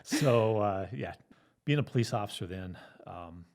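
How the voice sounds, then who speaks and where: A man's voice: on the low side, expressive, a little slow, creaky, a little mellow. A middle-aged man, a retired police officer, telling his story in an easygoing interview with fillers and frequent laughs.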